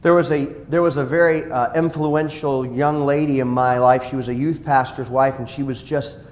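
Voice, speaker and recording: A male pastor preaching a sermon, dropping to quiet asides and rising to loud exclamations. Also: mid-range voice, steady tone, normal speed. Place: church sanctuary. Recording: echoey church hall.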